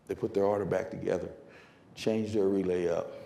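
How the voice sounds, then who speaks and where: A middle-aged man giving a conference keynote, telling a story that swings from loud bursts to hushed lines. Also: lowish voice, fairly even intonation, normal speed, gravelly, a little hiss or hum. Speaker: motivational speaker. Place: conference hall.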